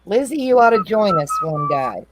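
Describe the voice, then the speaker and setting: A woman's voice: high voice, huge pitch swings, normal speed, noisy background. A woman hosting a casual craft stream, chatty and encouraging as she talks through each step. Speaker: host. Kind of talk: casual chat during a craft demo.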